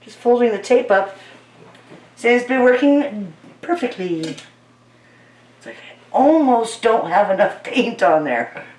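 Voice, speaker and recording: A woman narrates paint pouring as she works, chatting playfully, talking the paint along and delighting easily. Her fairly high, slightly mellow voice has lively intonation, a slow pace and long pauses. She is recorded from afar in an echoey room with a set-back mic.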